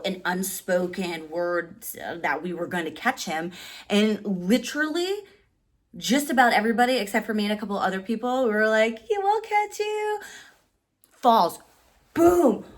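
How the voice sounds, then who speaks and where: A woman in her thirties recounting a story to camera in a loose, chatty vlog manner. Her voice sits in a middle range, and she peppers her talk with "like" and jumps up high when acting out what people said. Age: 30s. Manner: animated, heavy use of "like"; acts out quotes with big pitch jumps. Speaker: vlogger. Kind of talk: casual storytelling.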